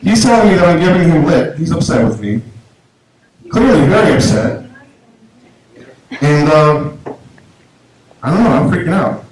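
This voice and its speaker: Male stand-up comic, slightly high voice, rambling delivery; very echoey small-venue recording with faint noise. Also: very animated, measured pace, long pauses, darkish tone. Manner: rambling, restarts often, acts out quotes in a raised voice. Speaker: stand-up comedian. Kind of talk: stand-up storytelling.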